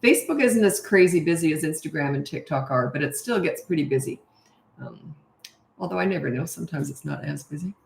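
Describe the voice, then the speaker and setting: A woman's voice: low voice, animated, a little fast, vocal fry, slight background noise. A woman who is a parenting coach, chatting casually and rambling on a live stream, laughing often. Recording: echoey room.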